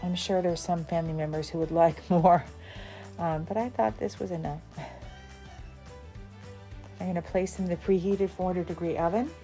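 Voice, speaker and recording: A woman's voice: on the low side, steady tone, moderate pace, pauses often, mellow, faint music behind. A woman from the Southern United States hosting a cooking channel, chatting casually through a recipe with fillers and small laughs. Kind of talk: casual cooking demonstration voice-over.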